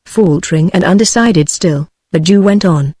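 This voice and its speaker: A text-to-speech woman's voice with a British accent reads a novel aloud in a steady, even way. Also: lowish voice, normal speed, slightly rough, no room sound. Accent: British English. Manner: steady, even synthetic read-aloud delivery. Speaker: audiobook narrator. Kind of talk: text-to-speech audiobook reading.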